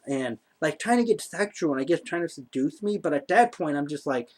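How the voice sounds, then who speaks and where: Guy with a higher voice rambling through a wild date story, swears a lot, says like constantly. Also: expressive, a little fast. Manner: rambling, profane, heavy use of "like". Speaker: vlogger. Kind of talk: casual storytelling to camera.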